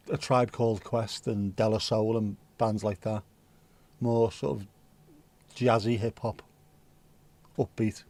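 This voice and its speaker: A man's voice: mid-range voice, mellow. A man hosting a livestream, chatting casually and rambling while reading out viewer comments, with the odd swear word. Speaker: livestream host.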